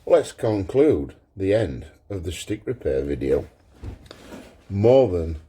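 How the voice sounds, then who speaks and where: Man, workshop vlog, deep voice, mellow tone, easygoing, thinks aloud. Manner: relaxed, thinking aloud, unhurried. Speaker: pipe maker.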